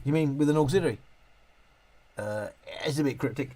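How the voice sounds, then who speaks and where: A man's voice: fairly high pitch, a little fast. A man hosting a casual live stream, reading chat questions aloud and ranting with frequent laughs. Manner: animated, ranting, laughs often. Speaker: livestream host answering chat questions.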